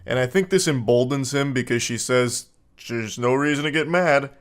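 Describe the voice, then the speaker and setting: Host, male, 30s, dry deadpan delivery, sarcastic comedic commentary, mid pitch. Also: moderate pace. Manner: deadpan, sarcastic, with mocking put-on voices for quotes. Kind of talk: comedic commentary reading text messages.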